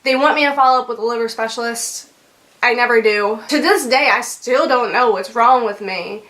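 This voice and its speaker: A woman's voice: fairly high pitch, moderate pace, a bit bright. A young woman vlogger telling a story in a chatty way, with lots of fillers, laughs and swearing. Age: young adult. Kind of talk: casual storytime.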